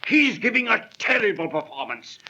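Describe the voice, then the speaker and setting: A man playing a gruff, impatient theater manager in a 1930s radio drama, scolding and blustering. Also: high voice, sing-song, normal speed, bright, forceful tone, exaggerated voice. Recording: muffled 1930s transcription disc.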